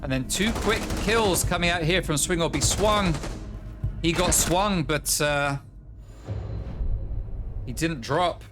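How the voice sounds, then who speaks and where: A man giving solo play-by-play commentary on a competitive shooter match, getting excited at big plays. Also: slow, pauses often, music in the background. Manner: excitable, rising in pitch at big plays, chatty asides to chat. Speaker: esports caster. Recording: game gunfire and clicks behind. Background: game gunfire and clicks.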